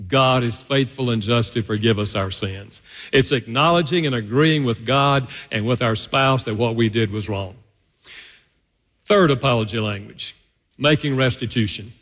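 Male pastor, sermon, animated and varied delivery, long hall reverb. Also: mid-range voice. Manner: animated, swings between loud and hushed delivery. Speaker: preacher. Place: church sanctuary.

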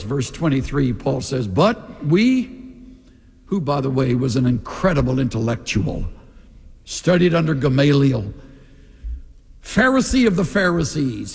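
Husky man preaching in a reverberant hall. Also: on the high side. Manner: animated preaching, acting out quoted voices. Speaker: pastor. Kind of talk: sermon. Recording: long reverb of a large hall.

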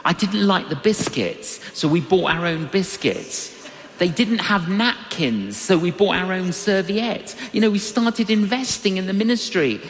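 A man preaching a sermon, telling personal stories with animated swings in his voice. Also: unhurried, echoey room, big-room sound, a little hiss or hum. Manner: animated storytelling with big pitch swings.

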